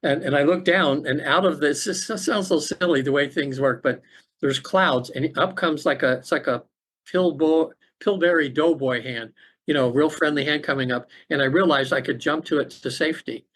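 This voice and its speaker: A middle-aged man, a podcast guest, telling a personal story in an earnest, halting way with many restarts, over a remote call. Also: on the high side, fairly bright tone. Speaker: podcast guest, afterlife facilitator.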